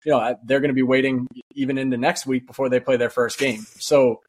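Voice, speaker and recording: Man, quick talker, casual sports chat, conversational. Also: medium pitch, flat delivery. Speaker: sports podcast co-host.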